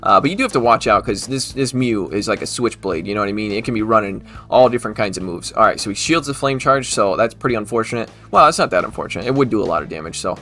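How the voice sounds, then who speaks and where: Male host, brisk casual game play-by-play, chatty asides, faint music underneath. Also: on the low side, lively intonation, pushed and bright. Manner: chatty, self-correcting, quick asides. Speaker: gaming channel host.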